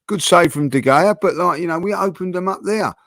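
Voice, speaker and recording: A man hosts a fan channel's football debate, his voice sitting a little on the high side. He talks with animated passion, stumbling through restarts and fillers as he makes his points. The sound is dry, with no room echo. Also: brisk.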